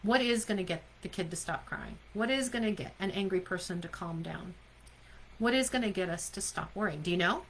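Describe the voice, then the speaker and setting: A woman's voice: lowish voice, lively intonation, a little fast, a little hiss or hum, low-quality recording. A woman leadership coach giving a live online coaching talk. She speaks emphatically, keeps asking her listeners questions and often checks in with "right?".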